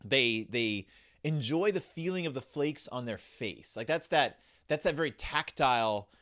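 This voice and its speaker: A chatty man hosts a casual book review. His pitch rises and falls a great deal as he rambles along, with plenty of fillers and restarts. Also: animated, a little slow, fairly bright tone. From United States (Texas). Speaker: podcast host reviewing children's books.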